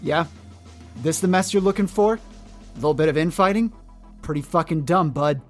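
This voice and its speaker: A man's voice: on the high side, normal speed, soft background music, pitched above the performer's own voice, lightly acted. A curt, swearing male thug who trades threats without backing down, put on by a man running the game. He talks with a slightly raised, pushier edge than a plain narrator, and he sounds like a tabletop game character. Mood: mocking. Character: hostile blunt male red-cloak thug.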